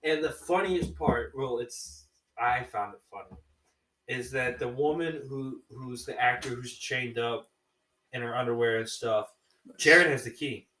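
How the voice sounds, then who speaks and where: A man recapping a horror movie in a loose, rambling way, full of restarts and "man." His voice sits at an ordinary pitch. The room is echoey and he is a little distant from the mic. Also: unhurried, sharp tone. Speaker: podcast co-host reviewing movies.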